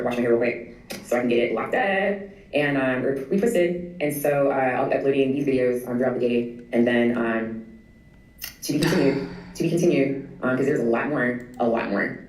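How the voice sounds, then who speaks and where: A woman's voice: extremely low pitch, brisk, a little mellow, recorded from a distance, slight background noise. A woman telling her own story in a casual vlog, rambling and hesitant with many ums. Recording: echoey room, away from the mic.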